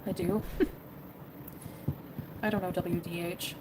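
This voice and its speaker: A woman's voice: fairly low pitch, steady tone, slow pace, darkish tone, slight background noise, poor audio. A woman from Canada chatting casually on a livestream, rambling and hedging as she answers. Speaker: streamer.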